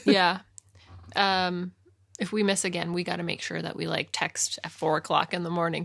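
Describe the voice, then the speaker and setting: A woman with a bright, forceful voice co-hosts a relaxed podcast. She chats in a rambling, giggly way. Her voice sounds dry and close to the mic. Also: fairly low pitch, normal speed, creaky, no echo. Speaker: podcast co-host. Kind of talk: casual chat.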